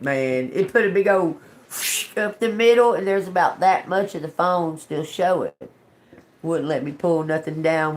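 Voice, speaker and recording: A woman chatting on a live stream from home into her phone, rambling, cursing and laughing as she tells a story. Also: low voice. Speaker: tarot reader. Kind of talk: casual live-stream chat.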